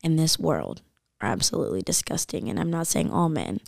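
Young woman rambling thru a story, lots of "like", lowish voice, dry close mic. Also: brisk, creaky, no room sound. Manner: animated storytelling, acts out voices, says "like" constantly. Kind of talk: casual chat.

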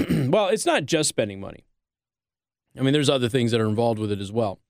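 A man's voice: mid-range voice, sing-song, fairly quick, a little mellow, dry recording, studio quality. A man hosting a political talk show, delivering opinionated commentary and mocking others in quoted voices.

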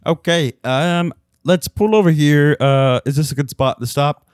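A man's voice: on the high side, a little slow, smooth, dry recording, clean studio sound. A man co-hosting a comedy podcast, talking in a flustered, rambling way. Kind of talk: comedy sketch and banter.

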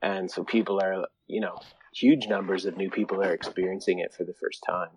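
A man talking as a podcast guest in a mellow, easygoing way. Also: deep voice, flat delivery, brisk, husky, dry recording, low-quality recording. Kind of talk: casual chat.

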